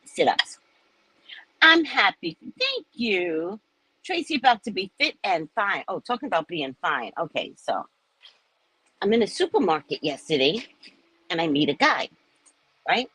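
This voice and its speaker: A woman in her sixties, a psychic reader hosting live, chats casually to viewers in an animated way, acting out quotes from the people in her stories. Her voice is on the low side, unhurried and slightly rough, with frequent pauses, in a dry recording of poor audio quality.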